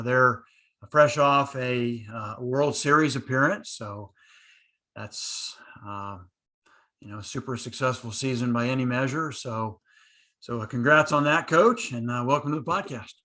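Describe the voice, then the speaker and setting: A man with a bright, sharp voice hosts a podcast interview. He stutters now and then, cutting words off partway before starting them again. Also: medium pitch. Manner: stutters, with broken-off word starts. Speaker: podcast host.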